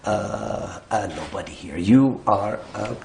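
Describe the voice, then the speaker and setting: A man's voice: on the low side, lively intonation, takes it slowly, gravelly, a little mellow. A man interviewing a guest, asking questions hesitantly with many fillers and repeated words.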